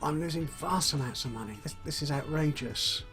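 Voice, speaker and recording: A man's voice: a little high, brisk. Musing man playing a game. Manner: musing, self-correcting, chuckles often. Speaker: let's play host. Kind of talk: casual game commentary. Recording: faint music behind.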